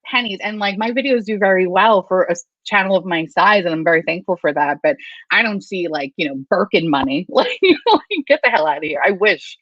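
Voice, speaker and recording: A woman's voice: fairly low pitch, expressive, a little fast, a bit bright, no echo. Candid, foul-mouthed woman on a lo-fi call. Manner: candid and profane, laughing often. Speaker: guest YouTuber. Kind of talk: casual live chat. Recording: dull, lo-fi, dry sound.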